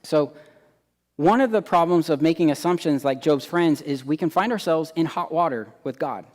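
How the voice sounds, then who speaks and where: A man preaching a sermon, animated, acting out quoted voices and swinging between loud emphasis and hushed asides. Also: fairly high pitch, moderate pace, in a large hall. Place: church hall.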